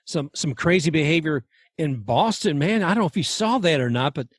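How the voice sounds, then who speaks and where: A man's voice: fairly high pitch, animated, a little fast, breathy edge, no echo, clean studio sound. A man hosting a casual sports talk podcast, chatty and rambling, often laughing as he talks. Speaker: podcast host.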